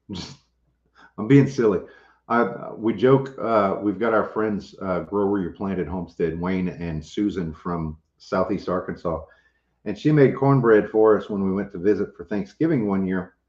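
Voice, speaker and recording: A homestead channel host with a deep, slightly mellow voice talks at a moderate pace during a casual livestream. He's joking with his audience and reading their comments. The lo-fi sound is roomy and dull.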